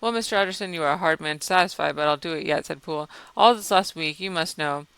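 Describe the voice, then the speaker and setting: A man's voice: on the high side, quick pace, creaky, pushed and bright, smooth, no room sound. A man voicing an anxious, deferential male butler in an audiobook reading. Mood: urgent. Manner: urgent, shaken, deferential.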